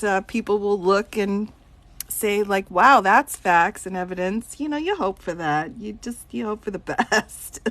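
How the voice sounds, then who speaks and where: On a laid-back stream, a woman lawyer reads her viewers' questions aloud and responds, laughing and giggling throughout. The voice is medium-pitched with a fairly bright tone, and there's no echo.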